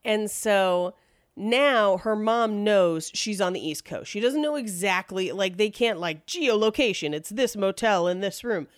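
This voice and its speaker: A woman's voice: mid-range voice, lively intonation, a little slow, no echo, clean studio sound. A woman hosting a podcast, casually telling a true-crime story in a chatty way and laughing often. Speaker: podcast host.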